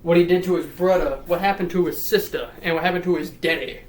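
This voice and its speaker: A man's voice: fairly high pitch, fast, reverberant. A man rattling through a comedic lore summary, rambling and profane, with repeats and silly put-on voices. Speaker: lore recap commentator.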